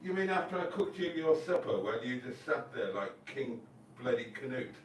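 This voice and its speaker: A man's voice: mid-range voice, big pitch swings, moderate pace. Chatty man hosting a live stream. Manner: chatty, reads out messages. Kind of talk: casual live stream chat. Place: home in Spain. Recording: roomy with faint noise.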